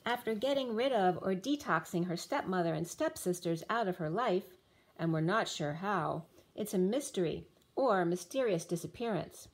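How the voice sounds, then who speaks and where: A woman's voice: mid-range voice, lively intonation, normal speed. A woman giving a spiritual tarot reading, drifting through loose, dreamy associations, her voice starting to give out. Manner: dreamy, free-associating, rhyming asides. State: losing her voice. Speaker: tarot reader.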